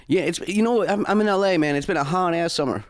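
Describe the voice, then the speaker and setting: A man hosting a podcast, chatting casually with his guest, playful and joking and quick to laugh. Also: sits high. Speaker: podcast host. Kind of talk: casual interview chat.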